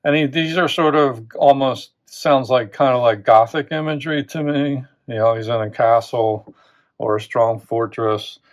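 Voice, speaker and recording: A man's voice: mid-range voice, moderate pace. A man hosting a channel, giving an unscripted close reading of song lyrics, thinking aloud with rhetorical questions and frequent restarts. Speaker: literature teacher and channel host.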